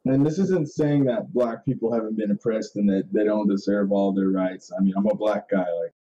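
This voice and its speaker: A man's voice: on the low side, steady tone, normal speed, dark tone, lo-fi sound. A man hosting a podcast in casual chat, ranting in a rambling, profane way and laughing often. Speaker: podcast host.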